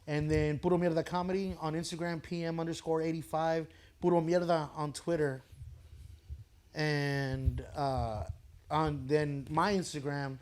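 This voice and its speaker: Brief: comedian man swapping stories on a podcast, loud and profane, often laughing, a touch high-pitched. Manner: loud, laughing, profane storyteller acting out voices. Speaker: comedian guest. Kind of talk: casual podcast storytelling.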